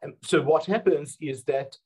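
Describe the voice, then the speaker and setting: Man, husky voice, academic lecturer, careful step-by-step explanation, webinar audio. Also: fairly high pitch, normal speed, mellow. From United Kingdom. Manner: explains step by step with frequent uh fillers. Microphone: webinar computer mic.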